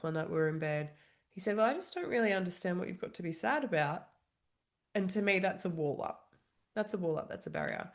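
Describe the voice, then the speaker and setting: Candid lower-voiced woman coach. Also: vocal fry. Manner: reflective, openly vulnerable, frequent "you know" and "like". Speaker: trauma coach. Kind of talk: candid solo monologue.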